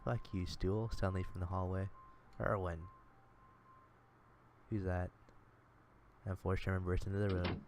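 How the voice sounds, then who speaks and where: A man's voice: low-pitched, completely flat delivery, normal speed, pauses often, over music. A man streaming live, reading a visual novel aloud in a sardonic, swearing manner.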